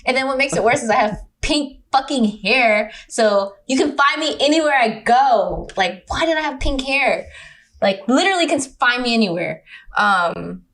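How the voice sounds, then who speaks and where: A woman's voice: fairly high pitch, moderate pace. A young woman from California, a podcast guest, chatting casually and telling a dating story with lots of swearing and acted-out quotes. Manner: animated storyteller who swears freely and acts out quotes. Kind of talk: casual chat.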